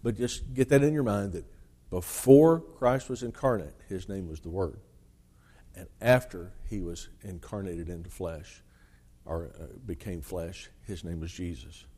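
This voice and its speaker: A man's voice: sits low, unhurried, mellow. A man preaching a sermon, reading scripture aloud with rising emphasis and explaining it in plain talk with restarts.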